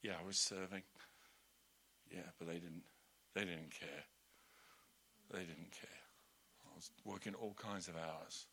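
A bitter, burnt-out churchgoer mutters his grievances, as a preacher puts him on. The voice drops low and quiet, almost under the breath. It stays sour and sulky. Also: steady tone, unhurried, creaky, long pauses, exaggerated voice.

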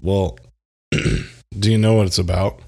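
Low-voiced animated male podcast co-host. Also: takes it slowly, vocal fry. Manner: animated storyteller, mimics voices, laughs often. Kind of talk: casual chat.

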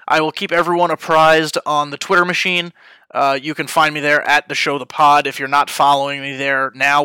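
A young man hosts a podcast, chatting off the cuff in a casual way with lots of fillers. His voice is on the high side, bright and forceful, and he uses headphones and a studio mic. The tone is clean with no echo.

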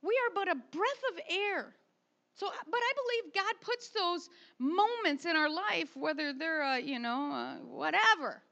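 A middle-aged woman and mother preaching a sermon, emphatic and animated, swinging from soft asides to loud pushes. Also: very high voice, a little slow, muffled recording.

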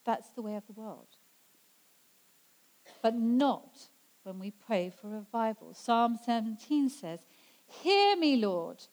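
A woman preaching a sermon in an earnest way, slowing down to stress scripture quotes. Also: fairly high pitch, mellow, poor audio. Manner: earnest, slows down for emphasis when quoting scripture.

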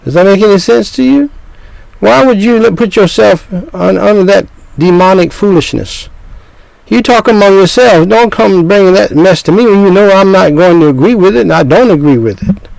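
A man's voice: high voice, moderate pace, creaky, darkish tone, dry recording, rough recording. An older man preaching a sermon, scolding his listeners with repeated points and rhetorical questions.

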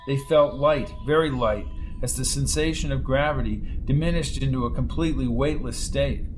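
A man narrating a dramatic science fiction audiobook in a measured reading. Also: mid-range voice, faint music behind. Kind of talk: scripted narration.

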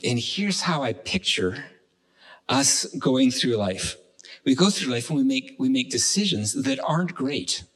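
Retelling a fable in his sermon, this pastor speaks at medium pitch in a sing-song, slightly bright voice. His delivery is halting, full of restarts and fillers, and the recording is rough.

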